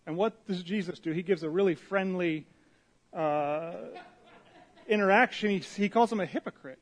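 A male pastor with a somewhat high voice delivers a sermon in a lively, storytelling manner. He acts out the people in his stories as he goes. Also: normal speed. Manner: animated storytelling, acting out quotes.

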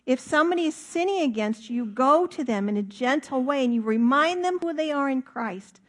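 A woman's voice: sits high, animated. Earnest woman preaching a sermon. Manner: earnest, emphatic, with drawn-out stresses. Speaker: pastor.

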